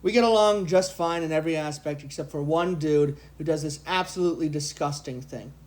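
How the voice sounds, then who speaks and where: A man's voice: on the high side, brisk. A man co-hosting a podcast who reads a story aloud and jokes between lines. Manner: playful, laughs between lines. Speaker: podcast co-host. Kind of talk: reading stories aloud and chatting.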